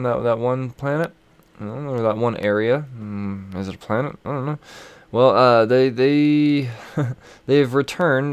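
A man's voice: mid-range voice, clean tone, no room sound. A man chatting loosely about comics on his own show, full of swearing and loose asides. He is wired on coffee late at night. The recording is close and dry. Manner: rambling, profane, chuckling. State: over-caffeinated late at night. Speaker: comic book podcast host. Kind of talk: casual review chat.

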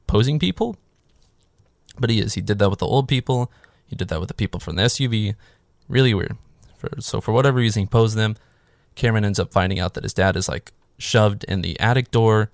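As a movie recap host, a man loosely walks through a film's plot with sarcasm, free swearing, and lots of "like" fillers padding his rambling sentences. His low voice carries a gravelly fry, recorded dry and close with no room sound.

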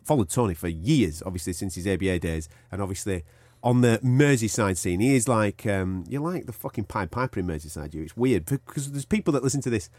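A man's voice: on the low side, animated, brisk, few pauses, darkish tone, no echo. A man co-hosting a podcast in casual chat, telling stories with plenty of swearing and acting out other people's lines. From England, outside Liverpool. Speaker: podcast co-host.

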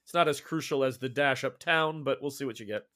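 A man's voice: mid-range voice, brisk, pushed and bright. A man running a tabletop game as game master, narrating in loose, rambling sentences.

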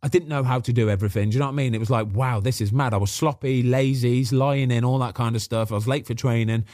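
Animated, chatty man telling stories. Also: mid-range voice, fast, dry recording, clean studio sound. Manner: animated, acts out quotes, chatty. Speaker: podcast guest, former goalkeeper. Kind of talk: casual storytelling.

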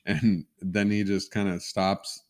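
A man's voice: deep voice, level tone, slow pace. A middle-aged man in a casual podcast chat, telling a family story in an easygoing way with bits of laughter. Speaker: podcast co-host.

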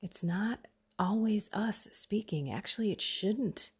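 A middle-aged woman hosting a faith podcast, giving an earnest pep talk that often drops into soft whispers. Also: mid-range voice, takes it slowly, breathy edge. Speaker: podcast host.

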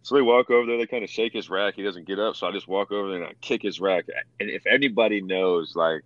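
Deep-voiced man telling rough war stories. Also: quick pace, no room sound, lo-fi sound. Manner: animated, acts out quotes with swearing. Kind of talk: casual storytelling, profane.

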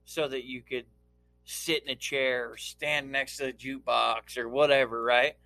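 A man's voice: mid-range voice, level tone, normal speed, bright, forceful tone. A man co-hosting a podcast, trading crude jokes casually and laughing often. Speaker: podcast co-host.

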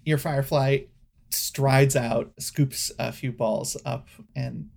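Brief: husky, gravelly man, game master, loose rambling scene-setting for a tabletop game. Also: medium pitch, slow pace. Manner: relaxed, rambling descriptions with fillers.

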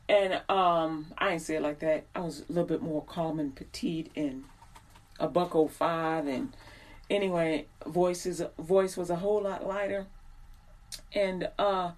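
A woman's voice: fairly low pitch, fairly even intonation, measured pace. Chatty woman telling a story. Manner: chatty, digressive, acts out quoted people. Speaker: host. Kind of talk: casual storytelling monologue.

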